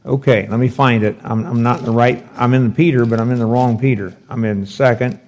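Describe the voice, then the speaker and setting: A man's voice: mid-range voice, steady tone, a little fast, darkish tone. A man teaching through a Bible passage verse by verse, conversational and thinking aloud with rhetorical questions. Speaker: pastor teaching scripture.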